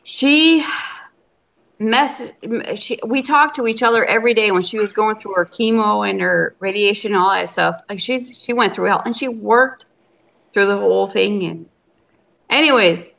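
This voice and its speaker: A woman's voice: mid-range voice, normal speed, creaky, a bit bright. A woman, a cooking channel host, chatting casually and emotionally as a guest on a live video-call stream.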